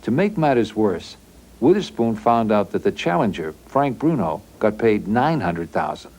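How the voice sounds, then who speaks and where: A man narrating a documentary in a steady, factual, scripted delivery. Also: lowish voice, moderate pace.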